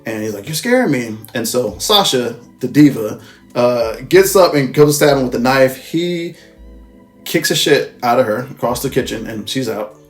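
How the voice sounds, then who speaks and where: With an expressive, medium-pitched voice at normal speed, a male reviewer loosely recaps a film's plot. He rambles, curses, and keeps correcting himself while faint music plays underneath.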